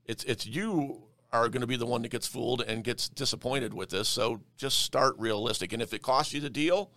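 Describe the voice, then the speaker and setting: A man's voice: mid-range voice, moderate pace, a bit bright. A man who flips houses, being interviewed on a podcast, talking emphatically and often repeating words as he starts a thought. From Denver area. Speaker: real estate investor guest.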